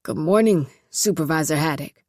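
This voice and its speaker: A woman's voice: low voice, normal speed, a little mellow, dry recording, clean studio sound, voice pushed down. A woman voicing a nervous young male state official who speaks earnestly and with anxious politeness.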